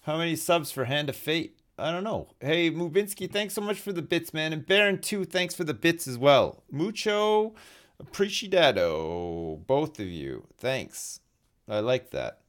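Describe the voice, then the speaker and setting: A man's voice: on the high side, sing-song, moderate pace, fairly bright tone. A man streaming a survival game live, chatting to his viewers in a joking, self-mocking way and swearing freely. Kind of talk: live gameplay chat.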